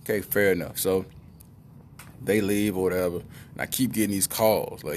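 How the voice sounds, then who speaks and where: Rambling low-voiced man telling a story. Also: fairly even intonation, moderate pace, long pauses, a little hiss or hum. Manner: rambling and conversational with asides. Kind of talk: comic personal storytelling.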